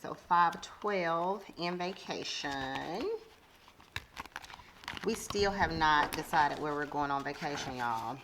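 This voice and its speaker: A woman vlogger chatting casually as she counts out cash, hesitant and full of fillers and self-corrections. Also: slow pace. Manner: counts money aloud in a low murmur. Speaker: budgeting vlogger. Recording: steady background noise.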